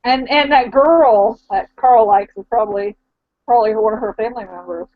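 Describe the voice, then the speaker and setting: A woman's voice: on the high side, normal speed. A woman chatting casually and eagerly making confident predictions. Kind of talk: casual chat about a TV show. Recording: dull lo-fi recording.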